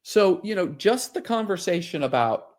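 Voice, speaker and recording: A man's voice: high voice, big pitch swings, normal speed. A middle-aged man, a wealth advisor, telling stories in a casual interview, rambling with many fillers.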